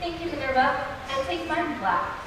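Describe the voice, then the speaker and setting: A woman playing a polite, composed young personal secretary, speaking in a measured way on stage. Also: high voice, expressive. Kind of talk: stage play acting. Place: school theater stage. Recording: echoey hall from far off, hissy.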